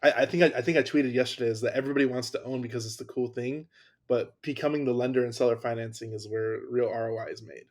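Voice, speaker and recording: A man's voice: mid-range voice, fairly even intonation, quick pace. A man hosting a podcast, talking enthusiastically and often restarting his sentences in casual conversation. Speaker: podcast host.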